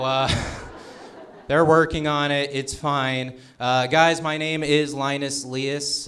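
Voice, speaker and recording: A young man from northern Colorado doing a stand-up set with crowd work, halting and self-deprecating with many restarts. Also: mid-range voice, fairly bright tone, slight background noise. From northern Colorado, USA. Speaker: stand-up comedian. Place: comedy club stage.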